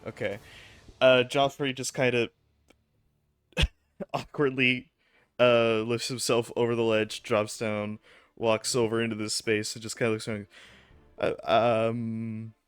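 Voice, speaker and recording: Hesitant giggly man, smooth voice. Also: medium pitch, little pitch movement, unhurried, long pauses, no room sound. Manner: hesitant, giggly, lots of uhs. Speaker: player. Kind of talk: casual game chat.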